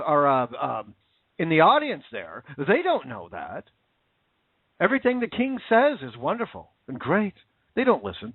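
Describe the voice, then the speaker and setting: A man's voice: high-pitched, dry recording. A man hosting a show, ranting in angry, sarcastic political commentary. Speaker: podcast host. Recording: tinny phone-like dry audio.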